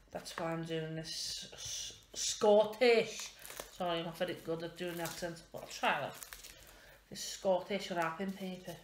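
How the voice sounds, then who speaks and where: A woman's voice: fairly high pitch, a bit bright. A woman in her thirties, chatting casually and rambling in a self-mocking way as a vlogger while wrapping presents at home. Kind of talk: casual vlog chat. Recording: echoey room with clear background noise.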